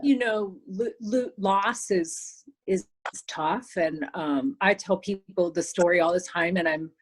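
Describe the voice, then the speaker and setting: A woman with a slightly low voice talks candidly over a video call. Her speech is chatty and full of small restarts. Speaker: guest speaker.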